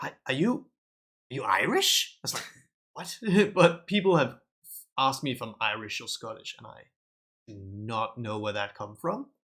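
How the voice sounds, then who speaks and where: A man's voice: mid-range voice, fairly bright tone. A man with a mild Danish accent, chatting casually and laughing easily on a live stream. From Denmark.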